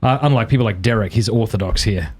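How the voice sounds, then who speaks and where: A man hosting a podcast, chatting casually and relaxed with his guest. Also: on the low side, fast. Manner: relaxed, conversational, chiming in with short agreements. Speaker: podcast host. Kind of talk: casual chat.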